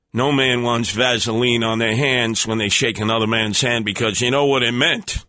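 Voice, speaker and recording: A middle-aged man hosting a call-in radio show, telling stories in a brash, swaggering way with loud outbursts. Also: medium pitch, no room sound. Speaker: radio talk show host. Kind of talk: animated storytelling call-in radio.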